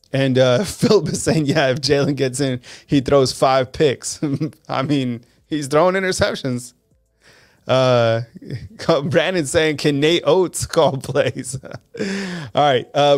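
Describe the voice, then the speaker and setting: A man hosting a live call-in sports talk show, talking in an animated, conversational way and reading fan comments aloud. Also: mid-range voice.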